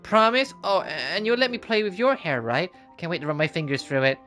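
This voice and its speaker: A streamer voicing a clingy, pouty girl with a crush, speaking in a slightly nasal, bouncy, high-energy voice. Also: animated, brisk, bright, forceful tone, soft background music. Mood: whiny.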